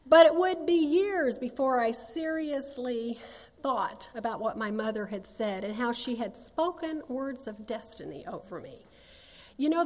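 A woman's voice: a little high, big-room sound. A woman, sharing her personal testimony in a folksy, earnest storytelling manner. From North Carolina, USA. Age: 60s.

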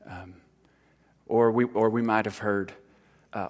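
A man, a church counselor giving an informal sermon talk, earnest and halting, full of fillers and restarts. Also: fairly low pitch, steady tone. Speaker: church counselor speaking to congregation. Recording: long hall reverb.

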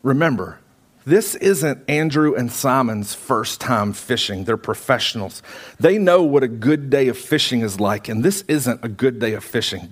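A man preaching with a fairly high voice, building his points through vivid repetition. He tells the story emphatically and draws listeners into the scene. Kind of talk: sermon.

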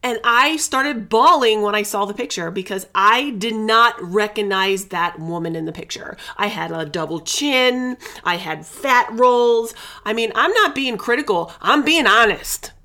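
A woman's voice: a little high, animated, unhurried, hardly any pauses, bright, forceful tone. A middle-aged woman hosting a casual wellness podcast, talking candidly and chattily and dropping in endearments and the odd swear word. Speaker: podcast host.

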